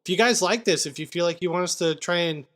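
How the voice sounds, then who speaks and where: His voice is high-pitched, quick, and fairly bright as he co-hosts a laid-back movie podcast. He runs through scenes, acts out lines, and banters with his partner.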